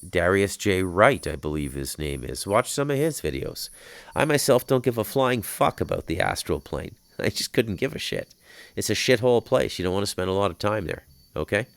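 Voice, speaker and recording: A man's voice: low-pitched, clean tone, dry recording. A man hosting a podcast, delivering a rambling spiritual monologue from an outdoor patio, heavy with swearing and flaring into heated outbursts. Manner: profane, rambling, swings into heated shouting. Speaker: podcast host.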